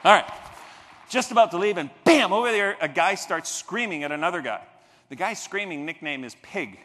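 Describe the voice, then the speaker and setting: A man delivers a motivational keynote from a convention stage, his voice bright and ringing as it swings widely up and down. He tells his story with energy, acting out the scenes and shouting now and then. The sound carries the long reverb of a large hall. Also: high-pitched, lively intonation, moderate pace, a faint crowd, slight background noise. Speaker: keynote speaker.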